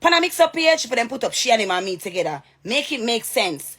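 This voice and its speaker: Jamaican woman going off on a heated rant to camera, repeats herself a lot, bit high voice. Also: very animated, quick pace, a bit bright, slightly rough. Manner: heated, repetitive and confrontational. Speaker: social media personality.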